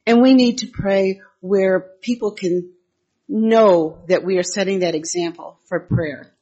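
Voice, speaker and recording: An older woman giving a conversational devotional talk, telling personal church stories and reading Bible verses in a husky voice. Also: mid-range voice, unhurried, warm tone, dull audio. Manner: homely storytelling with Bible readings.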